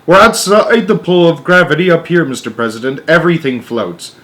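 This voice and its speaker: A man voicing an excitable, cheeky male astronaut commander in a storybook read-aloud. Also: a little high, a little fast, pitched above the performer's own voice, close to an everyday voice. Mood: excited, sassy. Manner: loud, excited, sassy.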